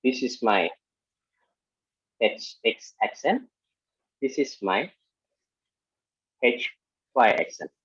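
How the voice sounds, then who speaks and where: A man lecturing on engineering statics in halting speech full of fillers and restarts, working through a problem step by step. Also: mid-range voice, sing-song, a bit bright, husky, no echo. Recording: muffled lo-fi audio.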